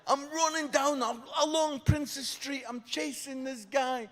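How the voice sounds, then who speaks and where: A man telling a lively comic story to a church crowd, shouting out the big moments. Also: very high-pitched, measured pace. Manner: lively, animated storyteller who shouts punchlines. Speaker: guest comedian speaker. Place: large church hall. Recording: echoey hall reverb.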